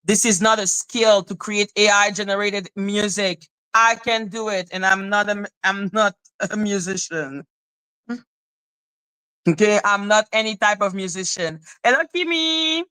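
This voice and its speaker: Bright-voiced woman ranting on a livestream. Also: steady tone, a little slow, smooth, no echo. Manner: heated, profane, breaks into high sing-song greetings. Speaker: livestream host. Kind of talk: livestream rant chatting with viewers.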